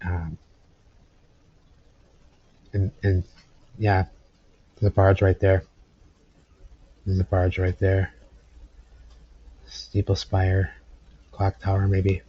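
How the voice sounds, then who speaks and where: A man's voice: monotone, slow pace, long pauses, dark tone, breathy edge. A man giving rambling, repetitive casual commentary over old photos at home. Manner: rambling, repeats phrases, talks to his cat in a high cooing voice. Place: indoors at home. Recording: dry, slightly dull home recording.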